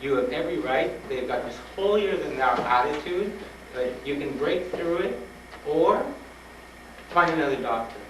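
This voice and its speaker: Male guest speaker, frank and animated, slightly high-pitched, recorded from afar on noisy tape. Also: normal speed. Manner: animated, acts out dialogue, laughs often; frank and urging. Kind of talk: personal storytelling talk to students. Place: school hall with an audience. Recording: roomy old tape from a distant mic, noisy.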